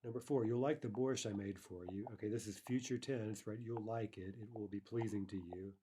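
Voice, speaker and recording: Low, dark-voiced man teaching a lesson. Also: fairly even intonation, slight background noise. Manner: explanatory, slows to read Russian examples aloud. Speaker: Russian language teacher. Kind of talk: recorded language lesson.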